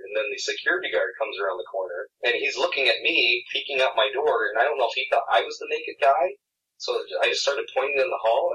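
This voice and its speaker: A man's voice: mid-range voice, fairly bright tone, far from the mic, dull audio. A man on a podcast telling a long story in a casual, rambling way, full of "like" and laughs. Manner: rambling, laughing, lots of "like" and "I'm like". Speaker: podcast co-host.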